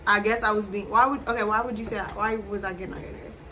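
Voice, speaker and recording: A young adult woman telling a personal story to camera in a casual, animated vlog chat. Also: mid-range voice, fast, slight background noise. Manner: chatty, animated, addresses viewers. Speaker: vlogger.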